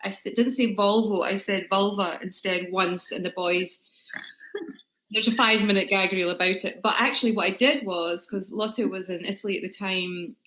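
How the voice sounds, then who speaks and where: An actress chatting with a friend on a fan Q&A stream, reading out questions and laughing easily. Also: female voice, mid-range voice, fairly even intonation, normal speed, pushed and bright, echoey room, rough recording. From Scotland. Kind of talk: casual chat. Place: home room on a live stream. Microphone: computer or phone mic on a video stream.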